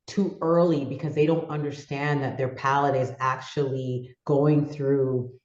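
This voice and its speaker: A man's voice: mid-range voice, level tone, a little slow, roomy sound, lo-fi sound. A male host interviewing a guest in a conversational way, encouraging and affirming throughout. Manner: encouraging, affirming with frequent "yeah". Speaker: podcast host.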